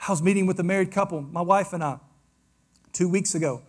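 A man preaching a sermon to his congregation, swinging between loud declarations and hushed, close asides. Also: sits high, quick pace, slightly rough. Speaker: pastor.

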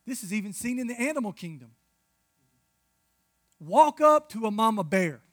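A male pastor in his thirties preaching with lively storytelling, dropping to hushed asides and then rising to loud bursts. His voice sits high and bright. The sound is close and dry. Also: no echo. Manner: animated storytelling with big swings from hushed to loud. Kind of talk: sermon.

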